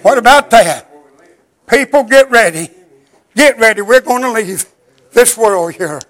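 An older man preaching a chanted sermon in a rhythmic, drawn-out cadence, out of breath and wheezy. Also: extremely high pitch, animated, a bit bright, poor audio.

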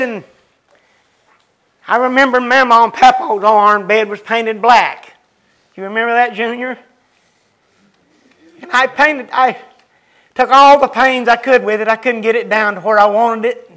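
An older man singing a slow gospel song, then chatting and telling stories, addressing people by name. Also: very high voice, bright, forceful tone, rough recording. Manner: drawn-out sung lines, then quick chatty talk addressing others by name. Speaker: gospel singer. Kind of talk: gospel singing and folksy storytelling.

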